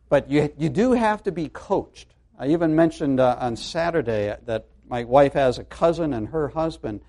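Lively, animated male preacher. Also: fairly high pitch. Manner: storytelling, animated, with many fillers and restarts. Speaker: pastor. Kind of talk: sermon.

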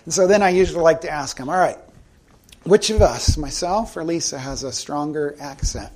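A middle-aged man from South Carolina, preaching a sermon in a conversational storytelling way and slowing down for emphasis. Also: on the high side, darkish tone. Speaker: pastor.

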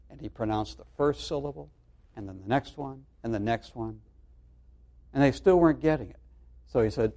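A man's voice: mid-range voice, moderate pace, long pauses, dark tone. A middle-aged man preaching a sermon to his congregation, telling a story in a conversational way with frequent fillers and restarts. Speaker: pastor.

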